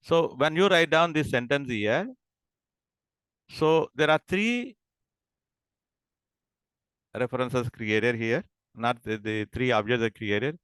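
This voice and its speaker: A man's voice: medium pitch, fairly bright tone, clear, resonant tone, dry recording. A man lecturing a class, often stopping to ask whether students follow and restarting his sentences. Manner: repeats and checks understanding, halting restarts.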